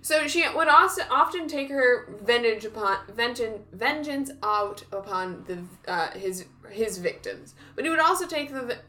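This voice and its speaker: A woman's voice: fairly high pitch, expressive, normal speed, hardly any pauses, bright, forceful tone. A woman in casual chat, laughing often and restarting her sentences as she talks. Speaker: podcast co-host.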